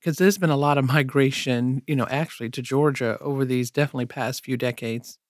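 A man's voice: mid-range voice, steady tone, a little fast, no echo, studio quality. A man co-hosting a radio show, asking conversational questions with frequent "you know".

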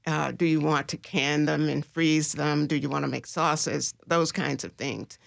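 A woman guest explaining gardening in a radio studio interview, speaking slowly and haltingly with many filler pauses. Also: deep voice, fairly even intonation, vocal fry, dry recording.

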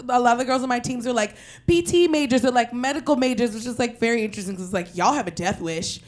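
A young woman from Queens telling a personal story in an animated, profane way, breaking into loud shouted quotes. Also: fairly high pitch, fairly quick, a faint crowd, a little hiss or hum. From Queens, New York.

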